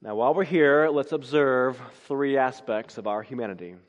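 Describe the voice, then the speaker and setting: A man's voice: mid-range voice, moderate pace, highs cut off. A man preaching a sermon, reading scripture and building to emphatic, rising exclamations. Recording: long hall reverb.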